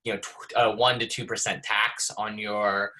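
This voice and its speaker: A man's voice: lowish voice, level tone, moderate pace, pushed and bright, poor audio. A man presenting on a community video call, explaining a technical design as he thinks aloud, with many fillers and restarts.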